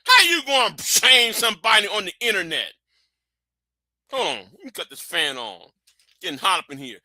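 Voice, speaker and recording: A man hosting a live stream in a high, sharp, piercing voice. He rants with heated, profane fire and often breaks into shouts. The sound is close and dry, with no room echo. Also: very animated, normal speed. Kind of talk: ranting live stream monologue. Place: warm indoor room with a fan.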